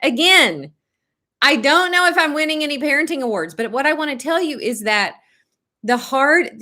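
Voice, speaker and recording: A woman's voice: high-pitched, pushed and bright. A middle-aged woman vlogger chatting casually on a live video, telling stories with quoted dialogue.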